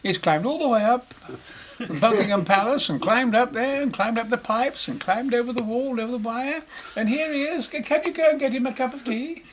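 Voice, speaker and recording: A man's voice: very high-pitched, brisk, pitched above the performer's own voice. A man voicing a gracious, posh elderly queen with a prim, fluting manner.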